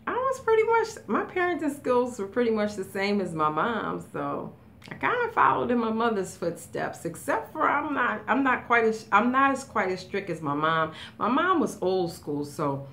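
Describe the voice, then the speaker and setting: A woman in her fifties talking in a casual vlog, emotional and rambling, with many fillers and halting restarts. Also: mid-range voice, a bit bright, slight background noise. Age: 50s. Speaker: vlogger. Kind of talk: casual tag video, answering questions.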